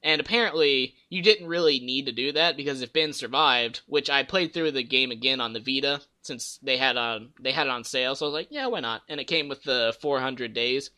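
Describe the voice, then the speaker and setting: Podcast host, male, bright and forceful tone, chatty storyteller who mimics game characters. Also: medium pitch, a little fast, few pauses. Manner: rambling storyteller, acts out game characters' lines. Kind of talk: casual gaming chat.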